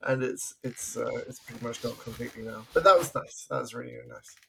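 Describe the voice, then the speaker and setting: A man's voice: medium pitch, huge pitch swings, fast, vocal fry, bright, forceful tone, slight background noise. A man, co-hosting a podcast, telling stories in a chatty way and laughing often. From England. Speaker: podcast co-host. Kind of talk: casual podcast chat.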